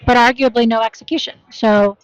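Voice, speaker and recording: A woman's voice: on the high side, fairly even intonation, brisk, no echo. A woman co-commentating in a chatty, joking way with casual swearing. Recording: lo-fi audio.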